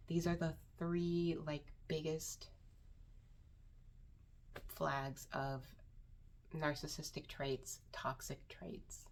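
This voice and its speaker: A woman vlogger giving personal advice to the camera, earnest and emphatic, repeating words for stress and sometimes dropping to a hushed near-whisper. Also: sits low. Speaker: self-improvement vlogger.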